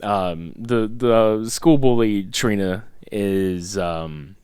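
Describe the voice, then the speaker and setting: A man in his thirties co-hosting a podcast, recapping a film in loose, profane casual chat and laughing loudly. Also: on the low side, extremely slow, clean tone, no echo, clean studio sound. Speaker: podcast co-host.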